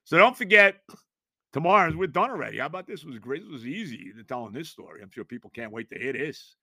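A man in his sixties, hosting a podcast, tells a rambling, animated story in casual chat, repeating himself and laughing along the way. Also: fairly high pitch, fast talker, breathy edge, no room sound, clean studio sound. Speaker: podcast host.

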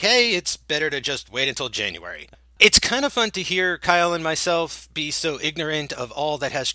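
Guy hosting a podcast, bit of a jersey accent, super bright voice, jokey and sarcastic, bouncy pitch. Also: dry recording. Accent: New Jersey. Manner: jokey, playful, sarcastic asides. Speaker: podcast host. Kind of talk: solo podcast intro monologue.

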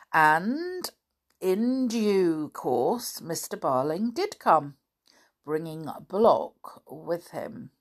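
A woman reading a children's novel aloud, correcting her own slips as she goes. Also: sits low. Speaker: storybook reader.

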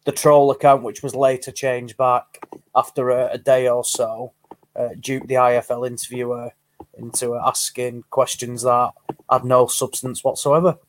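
A man's voice: mid-range voice, little pitch movement, normal speed, a little hiss or hum. A man, co-hosting a casual boxing podcast, telling an amused, rambling story. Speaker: podcast co-host.

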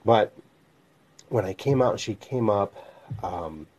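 A man from northern Illinois, a podcast host telling his personal faith story in a reflective, heartfelt way with pauses. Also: fairly low pitch, animated, a little mellow. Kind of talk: personal testimony.

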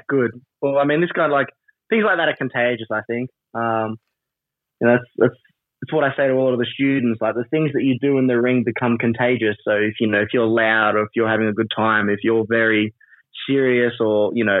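A man being interviewed about his wrestling persona, animated and rambling, laughing often and full of fillers. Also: medium pitch, no room sound. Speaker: wrestler and trainer, interview guest. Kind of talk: casual interview over a call. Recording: tinny phone-like line, dry.

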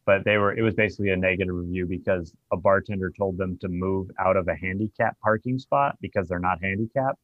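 Bar owner, male, low voice, profane storyteller; dry, dull lo-fi recording. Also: fast talker, hardly any pauses, no room sound. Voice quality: profane, animated anecdote telling. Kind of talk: casual storytelling.

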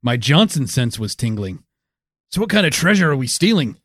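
A man's voice: mid-range voice, very animated, normal speed, fairly bright tone, no room sound, clean studio sound. A man voicing a boastful, roguish male archaeologist and college professor who loots antiquities, talking with brash self-promotion.

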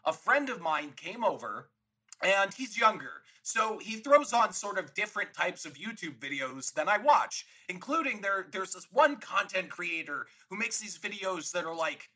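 A man talks through a film in an easy, chatty way, often breaking into laughter. His voice sits high and has a husky edge. The tone is bright and forward. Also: sing-song, moderate pace, low-quality recording. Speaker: podcast co-host. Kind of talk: casual movie discussion.

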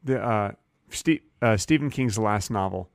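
A middle-aged man co-hosting a comedy podcast, making absurd claims with a deadpan, insistent delivery in improvised banter. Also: on the low side, a little slow, gravelly, dry recording, clean studio sound. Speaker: podcast co-host.

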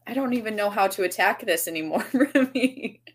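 A woman's voice: medium pitch, lively intonation, brisk, slightly rough. A woman co-hosting a podcast over a video call, rambling cheerfully and laughing at herself. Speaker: podcast co-host. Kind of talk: casual chat.

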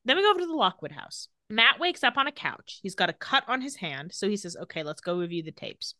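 Bright, lively woman recapping a show. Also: mid-range voice, quick pace, dry recording, studio quality. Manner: animated, acts out characters' lines while recapping. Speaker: podcast co-host. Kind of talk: casual TV recap chat.

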